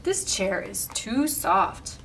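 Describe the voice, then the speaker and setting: A woman's voice: mid-range voice, very animated, slow, a bit bright, slight background noise, exaggerated voice. A woman voicing a jolly, sheepish old Santa Claus in a storybook read-aloud, cheerful and exclaiming.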